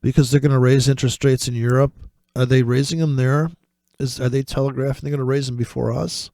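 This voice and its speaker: A man giving casual, rambling commentary over trading charts, swearing often and breaking into excited, mocking asides. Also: medium pitch, fast, dry recording. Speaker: forex trading vlogger.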